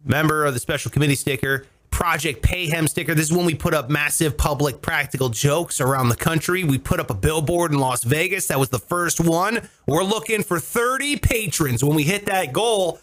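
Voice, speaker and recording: A man's voice: on the high side, moderate pace, few pauses, a bit bright. A man from Ohio co-hosting a podcast, talking in a loose, profane, ranting way. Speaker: podcast co-host. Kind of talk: casual chat.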